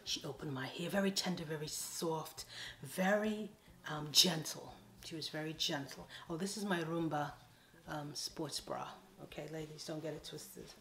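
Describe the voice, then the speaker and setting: A woman from an island, telling a casual storytime with playful, animated asides. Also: low voice, normal speed. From Caribbean island. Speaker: vlogger. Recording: echoey room.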